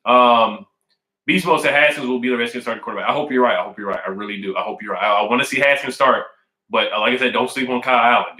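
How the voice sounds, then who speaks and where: Bright-voiced man chatting on a stream. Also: medium pitch, roomy sound, low-quality recording. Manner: repetitive, emphatic, says "man" and "I really do" often. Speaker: sports fan streamer reading chat. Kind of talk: casual live-stream chat. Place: at home indoors.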